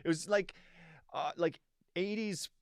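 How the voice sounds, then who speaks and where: A man in his forties hosting a casual podcast chat in a living room, telling stories in a lively way and acting out what other people said. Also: high voice, unhurried, gravelly, clear, resonant tone, no room sound, clean studio sound. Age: 40s. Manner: animated storyteller who acts out other people's lines. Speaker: podcast host.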